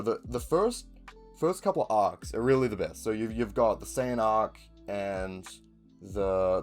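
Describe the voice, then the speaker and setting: Young New Zealand man, casual sweary vlogger, slightly low pitch. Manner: rambling, swears often, frequent ums. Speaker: video creator. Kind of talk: casual chat.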